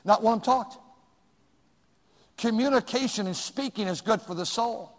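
An older man preaching a folksy sermon, swinging between loud outbursts and quiet asides. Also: sits high, normal speed, long reverb tail. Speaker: pastor.

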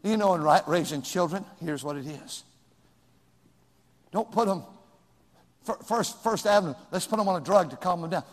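An older man preaching a sermon as pastor, swinging from hushed asides to sudden shouts. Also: high-pitched, moderate pace, pauses often, big-room sound.

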